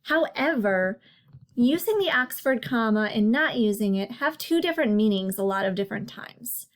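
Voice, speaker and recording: A woman narrating a slide lesson as a writing tutor, explaining patiently and slowing down to stress each example. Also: fairly high pitch, lively intonation. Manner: clear, patient explaining with slow emphasis on examples.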